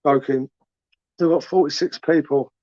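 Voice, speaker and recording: A young man with a southern English accent runs a casual late-night live chat, teasing and joking with commenters in a loose, rambling way. His voice sits slightly high. The recording is dry and close but dull and lo-fi. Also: fairly even intonation, moderate pace, a little mellow, dry recording. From England. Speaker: livestream host.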